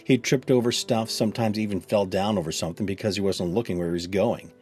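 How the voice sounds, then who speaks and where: A man's voice: fairly low pitch, steady tone, fast talker, darkish tone, soft background music. A man reading aloud a first-person children's story in a chatty, kid-like storytelling voice. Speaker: narrator.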